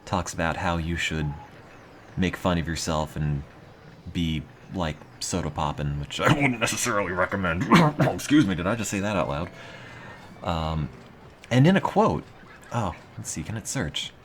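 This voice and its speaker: A man streaming casually, reading aloud with a dry, deadpan, self-mocking monotone. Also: sits low, moderate pace, a little hiss or hum. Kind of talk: casual live-stream chat.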